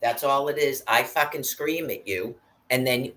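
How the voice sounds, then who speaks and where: A woman's voice: extremely low pitch, moderate pace, a bit bright, rough recording. A woman delivering an angry, profane rant, cursing constantly and hurling threats.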